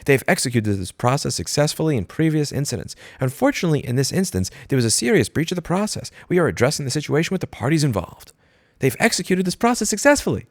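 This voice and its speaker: A man with a mid-range voice hosts a commentary video, ranting angrily close to a studio microphone with no room sound. His outbursts are profane and sarcastic, and he mocks his targets by slipping into put-on corporate voices.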